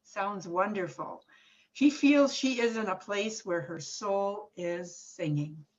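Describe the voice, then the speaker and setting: A woman's voice: medium pitch, takes it slowly, darkish tone. A woman reading a prepared introduction of a guest minister in an admiring tone. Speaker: church member introducing the guest. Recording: dull lo-fi call audio.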